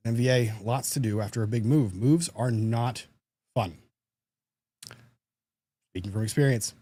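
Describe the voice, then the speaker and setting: A man's voice: medium pitch, unhurried, mellow, no echo, clean studio sound. A man who is a lawyer, hosting a casual livestream, chatting and reading viewer comments in a joking, self-deprecating way.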